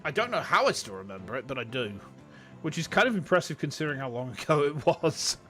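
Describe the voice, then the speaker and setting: A man with a Yorkshire accent chatting casually with viewers on a livestream, jokey and quick to laugh. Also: on the high side, big pitch swings, a bit bright, faint music behind. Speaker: streamer.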